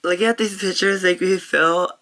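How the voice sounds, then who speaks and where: A young woman talking to camera in a personal vlog, heartfelt and open, halting often with pauses and restarts. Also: fairly low pitch, fairly even intonation, a bit bright. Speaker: vlogger. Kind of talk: reflective personal vlog talk.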